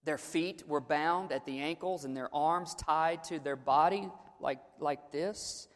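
High-voiced preacher in a reverberant hall. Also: male voice, measured pace. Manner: dramatic, builds to shouting; humorous asides. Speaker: pastor. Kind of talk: Easter sermon.

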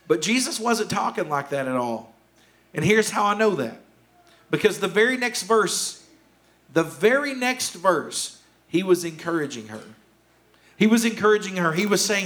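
A man preaching a sermon as pastor in a church, urgent and impassioned, repeating key phrases and dropping to hushed tones. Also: sits high, expressive, normal speed. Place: church sanctuary.

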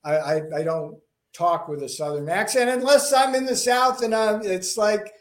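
A man from Florida with a slight Boston accent, a guest telling animated stories with many restarts and repeated words. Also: high-pitched, moderate pace. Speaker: political guest. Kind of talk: interview conversation.

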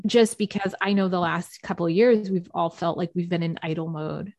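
A woman's voice: on the low side, fairly even intonation, normal speed, darkish tone, dry recording. A woman guest speaking casually and earnestly, giving life advice with lots of "like" fillers. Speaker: guest, spiritual practitioner. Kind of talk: casual conversation.

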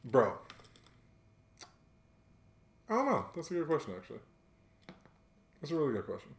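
A young man in casual chat, telling a travel story in a relaxed, slang-heavy way and getting animated when he quotes people. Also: fairly high pitch, quick pace, gravelly. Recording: roomy room echo.

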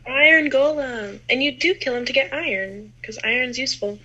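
Young female co-host, relaxed and easygoing, fairly high voice, sharp and a little breathy. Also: moderate pace, highs cut off. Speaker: podcast co-host. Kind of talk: casual chat.

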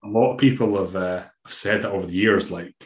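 A man's voice: low-pitched, a little fast, echoey room. A Scottish man, a bodybuilding coach, talking in a rambling, emphatic way in a casual podcast interview, now and then swearing. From Scotland.

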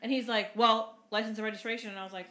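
Fast-talking, bright-voiced New woman. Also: on the high side, fairly even intonation, echoey room. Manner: swears freely, acts out quotes. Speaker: podcast co-host. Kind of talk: casual storytelling chat.

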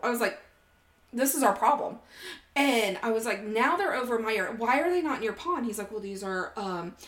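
A woman's voice: fairly high pitch, moderate pace, crowd noise. A woman, co-hosting a podcast and telling a story in a casual chat, swearing freely and acting out every line of dialogue. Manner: animated, swears freely, acts out quoted dialogue. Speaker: podcast co-host. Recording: roomy echo.

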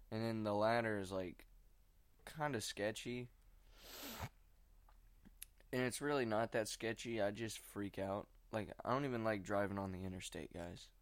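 A young male vlogger sits on his couch at home, rambling casually and anxiously into a desk microphone at a mixing board. His voice is on the low side, and there's no room sound. He muses in a slangy, wandering, nervous way.

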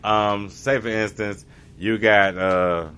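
A man's voice: fairly low pitch, fairly even intonation, takes it slowly, bright, forceful tone, clean tone. A man in a casual, rambling monologue, often restarting and groping for the right word. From United States. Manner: rambling, gropes for words with many restarts. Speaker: vlogger.

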